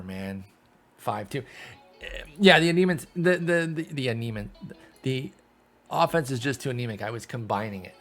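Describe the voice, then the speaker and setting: A man giving casual play-by-play commentary over a sim baseball game, calling out results quickly and joking. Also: medium pitch. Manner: animated, quick call-outs, self-deprecating laughs. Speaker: gaming YouTuber.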